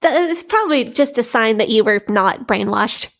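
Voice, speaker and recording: A young woman co-hosting a podcast, talking in a relaxed, informal way and laughing easily. Her voice sits fairly high for a woman. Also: normal speed. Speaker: podcast co-host. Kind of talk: casual chat.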